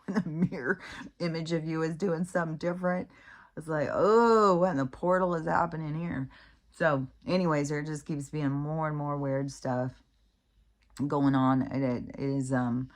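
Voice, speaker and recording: A middle-aged woman rambling through strange stories in a casual, animated way, laughing often and acting out what people said. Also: very deep voice. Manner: chatty, animated, laughs often, acts out quoted voices. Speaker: vlogger.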